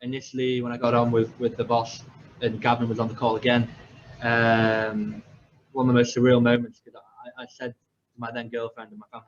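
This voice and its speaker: Speaking briskly and completely flat at a medium pitch, this young English podcast host rambles through a self-deprecating story, often restarting and using fillers. It's casual storytelling, captured in slightly dull lo-fi sound with a faint hum of background noise.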